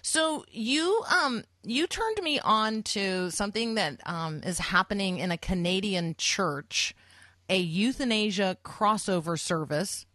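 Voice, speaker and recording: A woman hosting a morning radio talk show, friendly and quick with some restarts. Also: mid-range voice, animated, bright, forceful tone, dry recording.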